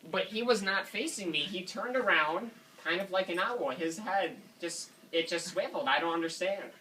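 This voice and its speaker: A man's voice: high voice, moderate pace, sharp tone. A man doing a fussy indignant father on a prank call. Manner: rambling, indignant, keeps saying sir. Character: fussy indignant father complaining to a store manager. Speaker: prank caller. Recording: distant mic with faint noise.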